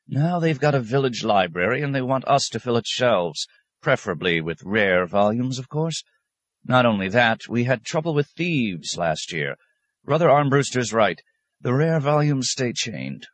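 A man voicing a stern, weary male abbot who speaks with measured, firm authority. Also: medium pitch, big pitch swings, no room sound, pitched above the performer's own voice.

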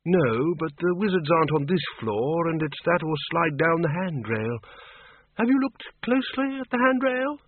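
A man's voice: fairly high pitch, sing-song, moderate pace, no room sound, voice pushed up. A man voicing a dry, unflappable older wizard who thinks aloud, in a storybook reading on a tinny lo-fi recording. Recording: tinny phone-like lo-fi.

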